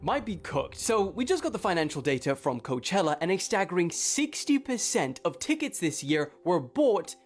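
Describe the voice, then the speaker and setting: A woman's voice: fairly low pitch, big pitch swings, moderate pace, few pauses. A woman giving a casual, slangy explainer with a wry tone. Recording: faint music behind.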